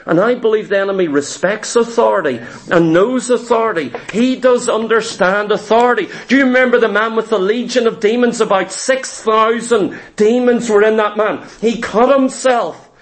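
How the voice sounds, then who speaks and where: A man preaching with a notably high voice. He drives his points home with emphasis and slips into dramatic voices for the figures he quotes. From Ireland. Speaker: pastor. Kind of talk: sermon.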